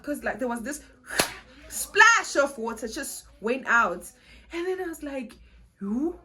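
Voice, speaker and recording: Animated South African woman vlogger. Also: sits high, measured pace, noisy background. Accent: South African, Xhosa. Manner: animated, laughing, switching between English and Xhosa. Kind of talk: casual storytelling vlog.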